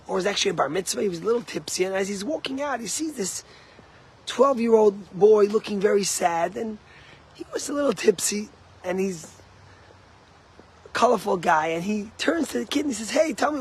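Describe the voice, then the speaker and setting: Man, rabbi, sermon; fairly high-pitched, impassioned, climbs to emphatic peaks. Faint room hum and passing traffic under the voice. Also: low-quality recording. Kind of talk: sermon with storytelling.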